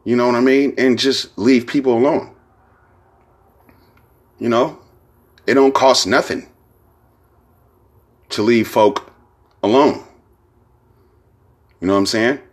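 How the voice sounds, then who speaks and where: A man's voice: mid-range voice, steady tone, takes it slowly, long pauses. A man hosting his own podcast, talking in a loose, rambling way with lots of slang and profanity and repeated "you know what I'm saying". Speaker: podcast host. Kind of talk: casual solo podcast monologue.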